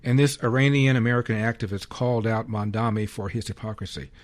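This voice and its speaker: Measured man host introducing clips. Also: lowish voice, fairly even intonation, background noise. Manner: measured, pointed, setting up clips. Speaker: radio and TV host. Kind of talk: show narration.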